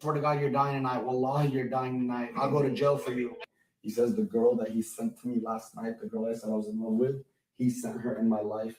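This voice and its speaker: A man's voice: on the low side, mellow, recorded from a distance. A man live streaming from a hotel room, talking in brash, profane rants to his chat and to an emergency dispatcher. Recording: roomy sound, away from the mic.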